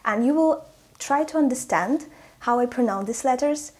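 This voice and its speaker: A native Russian-speaking woman with a Russian accent leads a language lesson, drilling pronunciation slowly and carefully. Her voice sits high, expressive and darkish in tone.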